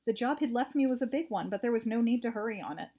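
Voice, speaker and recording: A woman reading a first-person story aloud in a steady, plain narrating voice. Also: fairly high pitch, fast talker. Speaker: audiobook reader.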